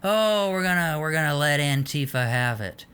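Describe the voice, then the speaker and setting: A man putting on a blustering older male politician who makes slow, emphatic, empty threats. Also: on the high side, animated, pushed and bright, clean tone.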